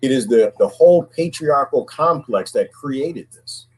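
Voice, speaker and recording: A man's voice: medium pitch, lively intonation, a little slow, a little mellow, low-quality recording. A man talking alone in a casual, preachy monologue, often asking "right?" and repeating words. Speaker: commentary host.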